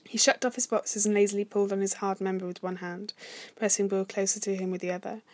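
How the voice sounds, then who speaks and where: A woman reading an erotic fan fiction story aloud in a soft, unhurried, slightly hushed voice. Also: medium pitch, little pitch movement, no echo. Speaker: narrator.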